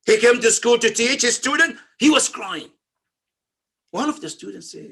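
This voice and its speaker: A man telling a story in a memorial sermon, swinging between loud emphatic phrases and hushed, low ones. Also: expressive, normal speed, vocal fry, breathy edge. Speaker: speaker at a memorial majlis. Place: community center.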